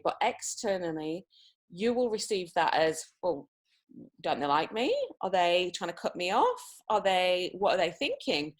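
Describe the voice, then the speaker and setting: An upbeat woman leads a live online communication workshop from home over a video call. She talks at a mid pitch, stops often to read out participants' answers and comes back to her point with friendly energy. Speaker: communication coach. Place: home, wrapped in a blanket.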